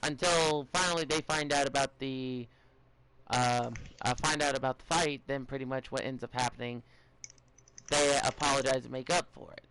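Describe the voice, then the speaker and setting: A man's voice: mid-range voice, fairly even intonation, moderate pace, a bit bright, a little hiss or hum, poor audio. A young man hosting a casual podcast, rambling and giving advice with many fillers, restarts and stutters. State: a bit out of it, stuttering.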